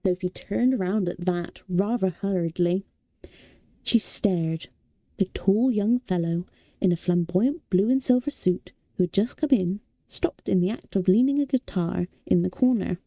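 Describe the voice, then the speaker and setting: A woman reading a novel aloud as a soothing bedtime read-aloud, softly and slowly. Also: medium pitch, dry recording. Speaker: audiobook reader.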